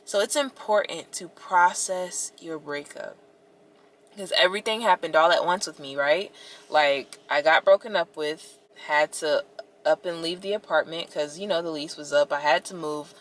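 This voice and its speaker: A young woman telling her breakup story and giving advice in a casual, expressive vlog, talking straight to viewers with lots of "like"s. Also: sits low, moderate pace. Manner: expressive, talks to viewers directly, many "like"s. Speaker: vlogger.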